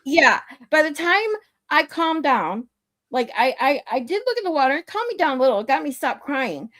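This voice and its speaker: Animated woman telling a swearing story. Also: sits high, normal speed. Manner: animated storyteller, swears freely, laughs often. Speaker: livestream host. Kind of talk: casual chat.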